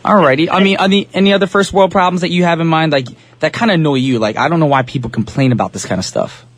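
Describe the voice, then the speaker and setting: A man's voice: a little high, quick pace. A man from New Jersey hosting a casual radio show in an upbeat, slangy, talkative way, speaking into a studio microphone.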